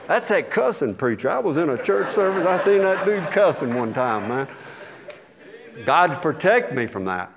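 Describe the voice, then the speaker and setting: A man's voice: fairly high pitch, sing-song, normal speed, crowd noise. A man in his sixties, a pastor delivering a sermon with folksy, conversational storytelling.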